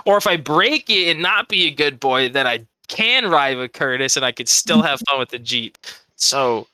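A man co-hosting a podcast, rambling and thinking out loud in casual chat, swearing freely. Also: mid-range voice, animated, moderate pace, no room sound. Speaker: podcast co-host.

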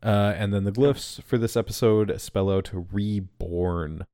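Podcast co-host, male, lowish voice, dry room, wry and ranty. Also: slow pace, mellow, no room sound. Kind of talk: casual chat.

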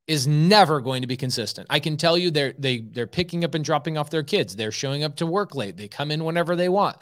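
A man's voice: fairly high pitch, lively intonation, brisk, a bit bright. Blunt, emphatic man hosting a podcast. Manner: emphatic, blunt, repeats points for force. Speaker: podcast host and real estate coach. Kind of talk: casual live podcast talk.

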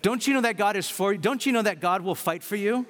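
A man preaching a sermon in an animated way, often jumping into loud quoted voices. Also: high voice, quick pace, long reverb tail. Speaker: pastor.

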